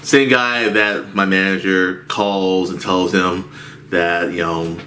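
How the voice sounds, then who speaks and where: A man with a low-pitched voice tells a rambling workplace story in a casual rant. He talks slowly, circling back and restarting his sentences. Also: little pitch movement, pushed and bright, slight background noise. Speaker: movie theater worker.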